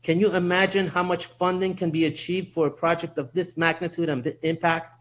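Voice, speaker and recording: Man at a council podium, slightly high voice, earnest and a bit winded. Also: flat delivery, brisk, fairly bright tone. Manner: earnest, repeats himself when restarting. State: slightly out of breath. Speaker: public speaker at city council. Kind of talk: prepared public comment. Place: council chamber.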